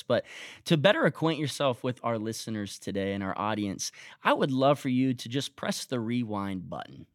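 A man's voice: medium pitch, dry recording, clean studio sound. A man hosting an interview, earnest and effusive as he welcomes his guest. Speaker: interview host. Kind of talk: warm interview.

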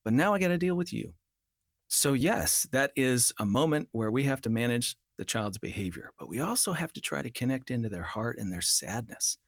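Male family counselor for a talk show, earnest and explanatory, mid-pitched, dry studio sound. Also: expressive, normal speed, hardly any pauses, husky, no room sound. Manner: earnest, acts out children's voices in quotes. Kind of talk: radio talk show conversation.

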